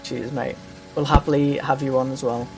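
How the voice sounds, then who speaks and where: A man's voice: mid-range voice, little pitch movement, moderate pace, gravelly, music in the background. A man hosting a casual podcast, joking and laughing often while he drives a practice lap, his throat a little dry. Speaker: podcast host. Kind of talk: casual banter while sim racing.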